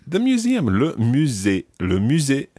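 A man hosting a language-learning podcast, teaching patiently and modelling words clearly for the listener. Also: mid-range voice, huge pitch swings, a little slow, dark tone, dry recording. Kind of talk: language lesson with an ad read.

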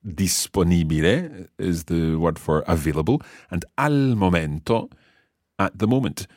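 Male teacher, low husky voice, lively intonation, patient step-by-step explainer. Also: a little slow, no echo, clean studio sound. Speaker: language teacher. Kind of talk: podcast language lesson.

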